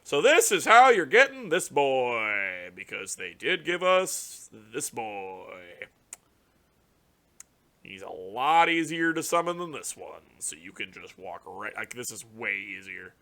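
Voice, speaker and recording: A young man giving casual, profane reaction commentary on a card game release, ranting in exasperation with sudden loud outbursts. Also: medium pitch, big pitch swings, slow, gravelly. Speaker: card game content creator.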